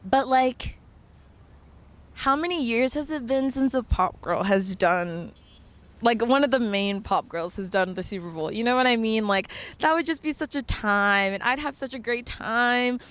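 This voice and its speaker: Chatty young woman, slightly high voice. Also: a little slow. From North Carolina. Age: young adult. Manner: animated, chatty, laughs often, lots of "like". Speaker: vlogger. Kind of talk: casual storytelling chat.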